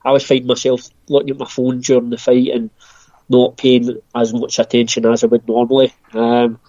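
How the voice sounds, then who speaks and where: Dark-voiced man, dry lo-fi audio. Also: medium pitch, completely flat delivery, normal speed, dry recording. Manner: hesitant, with frequent ums and restarts. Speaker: podcast guest. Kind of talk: casual podcast chat.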